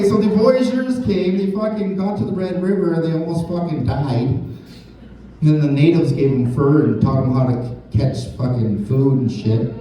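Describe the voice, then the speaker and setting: Brief: rambling foul-mouthed stand-up comic, high-ish voice, far off in a roomy hall. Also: male voice, dark tone. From Canada. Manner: crude, rambling, swears a lot. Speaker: stand-up comedian. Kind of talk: stand-up set. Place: large indoor hall, live show. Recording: echoey hall from far off, crowd noise. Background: audience laughter.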